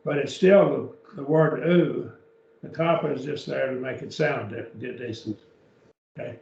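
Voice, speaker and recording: A man's voice: medium pitch, normal speed, gravelly, darkish tone. A man teaching a beginners' Greek class, patiently explaining step by step and often checking with "okay?", recorded from a distance. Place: church classroom. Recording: echoey room, distant mic, dull lo-fi.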